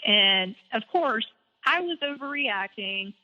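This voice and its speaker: A woman guest telling a personal story in an animated, candid way, with some swearing. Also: fairly high pitch, slow pace. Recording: dull lo-fi audio with long reverb.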